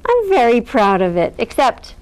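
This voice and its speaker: A woman's voice: a little high, wildly swooping pitch, normal speed, slight background noise. A woman reading a children's picture book aloud at storytime, in a playful way with frequent small laughs. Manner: playful, laughs between lines. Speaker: storytime reader.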